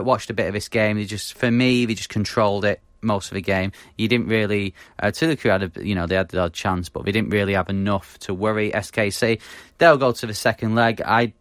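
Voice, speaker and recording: A man from the UK co-hosting a casual football podcast, talking in a halting way with many fillers and stumbling over foreign names. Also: on the low side, fairly bright tone, smooth, dry recording, clean studio sound. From United Kingdom. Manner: halting, many fillers, laughs at own mispronunciations. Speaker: podcast co-host.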